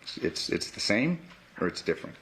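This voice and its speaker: A man's voice: lowish voice, sing-song, a little fast, fairly bright tone, a little hiss or hum. A man, a defense attorney, cross-examining a witness in a courtroom, pressing with short questions that end in "correct?". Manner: pressing, repeats "correct?" to pin down answers.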